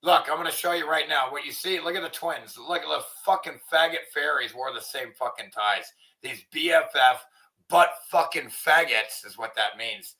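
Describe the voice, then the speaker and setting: A man hosting an online commentary show, ranting in a crude, profane way and sometimes shouting. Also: on the high side, moderate pace, rough recording. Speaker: channel host. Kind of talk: casual commentary rant.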